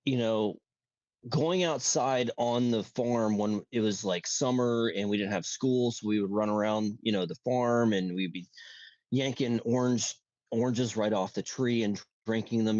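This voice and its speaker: A man's voice: lowish voice, a little slow, darkish tone, no echo, muffled recording. A man from Florida co-hosting a casual opinion chat, emphatic and talking in bursts with restarts.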